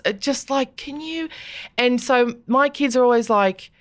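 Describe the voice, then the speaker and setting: A middle-aged woman with an Australian accent hosts a casual podcast chat. She is animated and laughs readily. She often slips into other people's voices to tell a story. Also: on the high side, measured pace. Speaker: podcast host.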